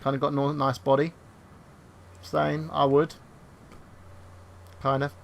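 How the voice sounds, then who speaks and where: A man's voice: on the high side, monotone, slow, gravelly, a little hiss or hum. A man co-hosting a casual podcast chat who rambles, stammers and reads chat comments aloud. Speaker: podcast co-host.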